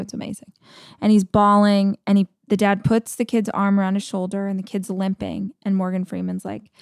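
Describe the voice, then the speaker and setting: A woman's voice: mid-range voice, darkish tone, no room sound, studio quality. A middle-aged woman hosting a podcast, giving an earnest, encouraging motivational talk with emotional storytelling. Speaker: podcast host.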